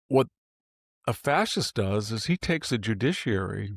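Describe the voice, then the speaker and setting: Older male pundit, low gravelly voice, dry close sound, emphatic and fond of rhetorical questions. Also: big pitch swings, a little slow, no echo. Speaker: political commentator guest. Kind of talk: opinionated interview talk.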